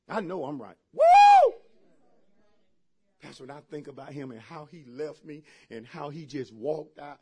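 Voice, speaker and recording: A man preaching a sermon as pastor to his church, shouting his points, then dropping to quiet asides and laughing along with the congregation. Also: fairly high pitch, huge pitch swings, unhurried, husky.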